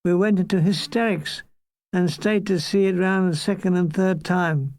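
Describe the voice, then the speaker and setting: A man's voice: high-pitched, fairly even intonation, darkish tone, dry recording. An older man reading his own war memoir aloud in a dry, comic storytelling manner. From Ireland. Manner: dry comic storytelling, quick asides and mock voices. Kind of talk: memoir narration.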